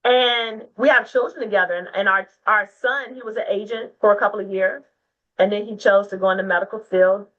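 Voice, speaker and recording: A woman's voice: medium pitch, steady tone, a little fast, a bit bright, recorded from a distance, highs cut off. A woman hosting a casual video call forum, talking emphatically and like a preacher. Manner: emphatic, preachy, rising to a near-crying rally. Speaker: host of a women's agent forum. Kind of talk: casual chat.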